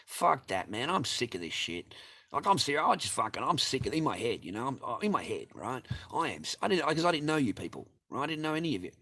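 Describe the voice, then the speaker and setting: A man's voice: mid-range voice, very animated, fast, sharp tone. A man in middle age vents to his viewers in a long aggrieved rant. He swears freely, circles back over the same points and keeps appealing to the audience. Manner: sweary, aggrieved, repeats himself, addresses viewers. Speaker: vlogger. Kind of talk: angry personal rant to camera.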